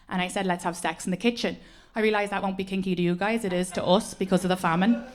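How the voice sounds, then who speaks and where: An Irish woman in her thirties performing a stand-up comedy set, telling stories quickly and animatedly, often laughing along. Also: mid-range voice, background noise. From Ireland. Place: comedy club stage with an audience. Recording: live stage mic with audible audience laughter.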